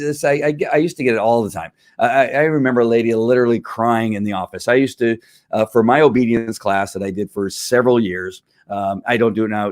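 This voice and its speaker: A man who trains dogs, answering viewer questions in a rambling, animated way. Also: lowish voice, no echo, studio quality. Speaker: dog trainer. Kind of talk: casual Q&A talk.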